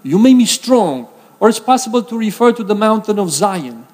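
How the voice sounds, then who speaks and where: High-voiced preacher in a reverberant hall. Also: male voice, sing-song, moderate pace, a little mellow. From Romania. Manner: earnest, conversational preaching with emphatic scripture reading. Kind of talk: sermon.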